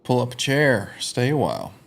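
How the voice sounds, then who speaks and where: A man hosting a casual live stream chat. He greets viewers in a relaxed, welcoming way and clears his throat often. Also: medium pitch, normal speed. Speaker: host.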